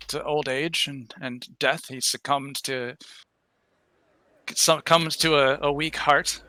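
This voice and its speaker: A man voicing an elderly, gentle and worried temple priest who talks haltingly, with many restarts and sighs. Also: mid-range voice. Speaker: game master. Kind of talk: in-character tabletop roleplay.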